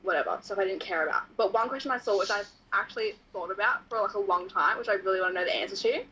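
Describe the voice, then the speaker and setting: A woman's voice: mid-range voice, quick pace, sharp tone, lo-fi sound, a little hiss or hum. A woman hosting a podcast over a video call, casual and giggly. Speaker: podcast host. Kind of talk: casual chat.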